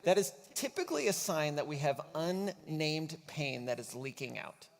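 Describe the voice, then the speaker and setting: Man speaking with a higher pitch in a reverberant hall. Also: animated, moderate pace, gravelly. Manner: easygoing, acts out quoted inner dialogue. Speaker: conference speaker. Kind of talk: conversational stage talk. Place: church auditorium. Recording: long reverb of a large hall.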